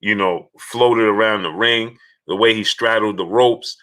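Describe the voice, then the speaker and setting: A man hosting a casual live stream, halting with many fillers and pauses as he reads viewer messages. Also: on the low side. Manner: halting, many fillers, bursts of excited yelling at a game. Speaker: live stream host reading super chats.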